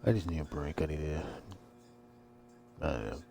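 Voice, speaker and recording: A man's voice: rumbling low, moderate pace, creaky, crowd noise. A man giving casual let's-play commentary, rambling and crude, swearing a lot. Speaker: gameplay commentator. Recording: game music behind voice.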